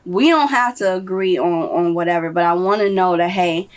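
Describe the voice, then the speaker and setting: A woman's voice: fairly low pitch, normal speed. A woman interviewer in a casual conversation, engaged and affirming as she shares her view.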